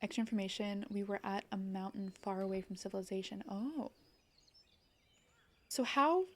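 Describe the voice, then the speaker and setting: A young adult woman chatting casually on a game live stream, bubbly and rambling, full of "like" and quick laughs. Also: medium pitch.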